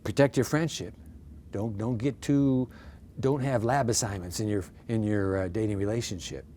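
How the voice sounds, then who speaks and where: Older male pastor, low voice, animated anecdotal storyteller, faint background hum. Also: moderate pace. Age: 60s. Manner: lively anecdotal storyteller with self-deprecating humor. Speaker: pastor, interview guest. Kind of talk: storytelling in a casual interview.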